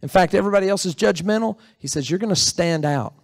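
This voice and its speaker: Speaking quickly in a high register, a male pastor gives a conversational sermon in a church sanctuary and quizzes the congregation. The sound is clean studio quality without echo.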